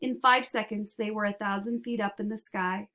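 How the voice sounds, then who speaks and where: A woman narrating a children's book aloud, with expressive, animated storytelling. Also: mid-range voice, moderate pace. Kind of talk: audiobook narration.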